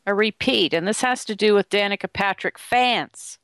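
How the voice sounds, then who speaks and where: A woman's voice: mid-range voice, normal speed, a bit bright, smooth, dry recording. Chatty woman co-hosting a racing show. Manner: chatty, opinionated, easygoing. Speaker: podcast co-host. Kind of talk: casual sports talk.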